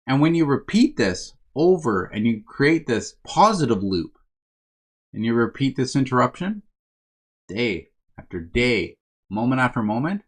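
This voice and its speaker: In a medium-pitched voice, a man acting as a coach for first responders offers a conversational, motivational self-help talk. He often checks in with "right?" and refers to his listeners as "my friends."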